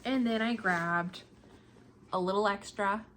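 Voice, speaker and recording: A woman's voice: mid-range voice, measured pace, fairly bright tone, slight background noise. A young woman hosting a casual podcast, chatting about her projects in a chatty, self-deprecating way and laughing often. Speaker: podcast host.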